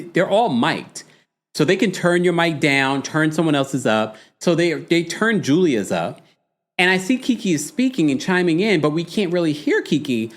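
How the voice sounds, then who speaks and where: A man hosting a casual reality-TV recap livestream, talking in an animated, sassy, gossipy way. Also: fairly high pitch. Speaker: host.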